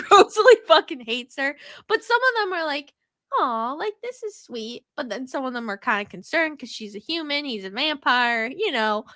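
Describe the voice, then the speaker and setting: A high-pitched woman co-hosts a casual podcast. She retells a plot in a sharp, bright voice, mocking it and laughing often. The sound is close and dry. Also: animated, moderate pace, dry recording. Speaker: podcast co-host. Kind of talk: casual chat.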